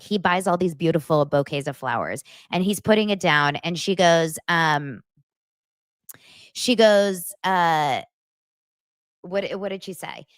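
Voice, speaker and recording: Chatty low-voiced woman podcast host. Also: no room sound. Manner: chatty, animated retelling with fillers. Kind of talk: casual pop-culture chat.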